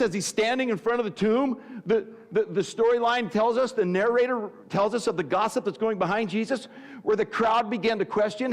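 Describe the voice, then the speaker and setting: A man's voice: sits high, normal speed. A man preaching a sermon as pastor, telling the story animatedly and often stammering over repeated words. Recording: echoey hall.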